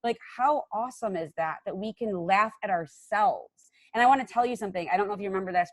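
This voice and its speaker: A middle-aged woman hosting a casual recovery podcast, chatty and animated as she tells stories. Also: mid-range voice, quick pace, no echo, studio quality. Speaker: podcast host and sponsor.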